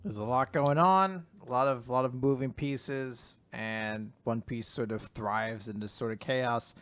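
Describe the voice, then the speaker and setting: A man's voice: medium pitch, unhurried, fairly bright tone, dry recording. A man co-hosting a podcast, chatting loosely and rambling a bit, with the odd swear word. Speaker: podcast co-host. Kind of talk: casual chat.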